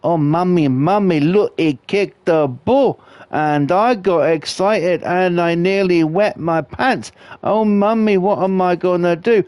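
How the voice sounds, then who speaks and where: Guy doing a whiny man-child football fan, sing-song babyish voice, higher than his own, dry close sound. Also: slow, a little mellow, smooth, no echo. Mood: mocking whine.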